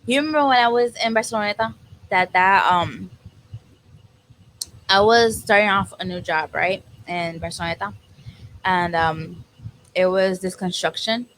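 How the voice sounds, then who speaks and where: A woman's voice: medium pitch, moderate pace, pauses often, fairly bright tone, low-quality recording. A woman with a Puerto Rican accent, co-hosting a casual podcast, telling an anecdote with cursing and Spanish words mixed into her English. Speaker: podcast co-host. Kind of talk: casual chat.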